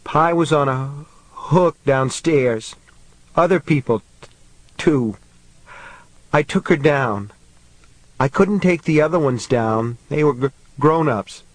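A man's voice: fairly high pitch, big pitch swings, normal speed, hardly any pauses, a bit bright, no echo, voice pushed up, low-quality recording. A man voicing a frightened young boy who is brave but shaken, with a trembling, stammering voice. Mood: sobbing.

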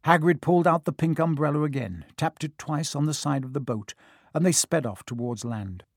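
A male narrator reads a story with a steady, even delivery. His voice is husky and sits a little high for a man. The studio sound is dry and close. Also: moderate pace, no room sound. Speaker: audiobook narrator. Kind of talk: scripted narration.

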